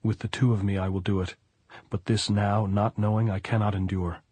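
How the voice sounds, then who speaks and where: A man's voice: on the low side, little pitch movement, a little fast, a little mellow, slightly rough, no echo. A man reading a frightened young woman's desperate inner prayer in an audiobook, pleading and breathless.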